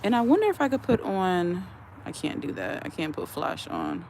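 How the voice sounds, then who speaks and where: This voice swings hugely in pitch around a medium center, moves at normal speed, and is a little mellow with vocal fry. It belongs to an American host casually livestreaming outdoors on a chilly evening, greeting viewers and reading their comments into a phone from behind its camera, with slight hiss or hum.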